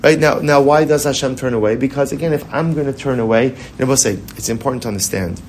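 A man's voice: mid-range voice, fast, darkish tone, a little hiss or hum. Man teaching a conversational Torah class. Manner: conversational, repeats phrases, asks rhetorical questions; mixes Hebrew terms into English.

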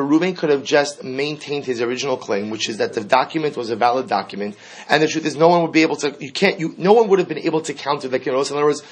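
A man's voice: on the high side, breathy edge, poor audio. A man teaching a Talmud class, explaining step by step and acting out the sages' exchanges.

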